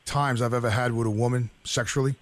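A man's voice: mid-range voice, steady tone, fast talker, dry recording. A middle-aged man in an audience chatting casually, telling a crude story in a rambling way. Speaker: audience member. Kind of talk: casual chat.

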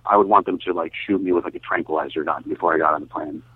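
A man's voice: low-pitched, racing, breathy edge, no room sound, narrow, tinny audio. A man co-hosting a casual podcast, talking loosely with lots of likes and ums. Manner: filler-heavy, loose talk with many likes and ums. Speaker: podcast co-host. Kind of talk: casual chat.

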